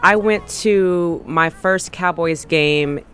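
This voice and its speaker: A man's voice: a little high, takes it slowly, pushed and bright, soft background music. A man who is a guest on a radio show, chatting eagerly as a sports fan. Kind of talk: casual radio chat.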